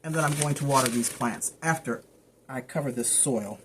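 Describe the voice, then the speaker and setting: Speaking at normal speed in a very deep voice, a woman shows her house plants over a noisy background. The plant care vlogger keeps it casual and how-to in style, wandering off topic and stumbling over plant names.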